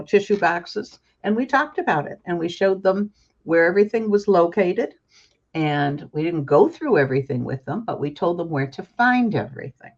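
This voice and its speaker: A woman's voice: low voice, dull audio. An older woman, a book author, speaking as a guest in a talk-show interview in an earnest, emphatic and openly emotional way.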